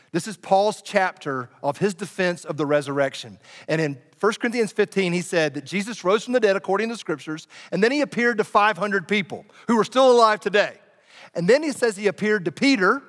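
High-voiced dramatic preacher in a hall. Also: male voice, fairly bright tone. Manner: dramatic storytelling, bursts of fast speech. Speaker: pastor. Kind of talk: sermon.

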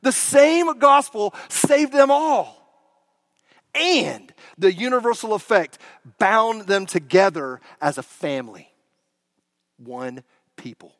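Male preacher with a high voice and dry, close sound; animated storyteller who drops from loud bursts to a near hush. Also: slow, long pauses, no echo. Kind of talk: sermon.

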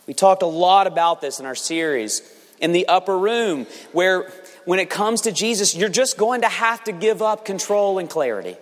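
A man delivers an earnest sermon, his fairly high voice climbing and pressing harder when he drives a point home. He sometimes stumbles and restarts mid-phrase. His words ring out with a long reverb, as in a large church hall. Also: moderate pace. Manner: earnest preaching, rising in pitch and force for emphasis, with repeated restarts. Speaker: pastor.

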